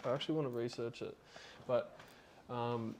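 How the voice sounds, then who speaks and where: A man's voice: mid-range voice, steady tone, moderate pace, creaky, a little mellow, a little hiss or hum. A man hosting a podcast, retelling a story in a loose, rambling way with lots of fillers. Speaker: podcast host.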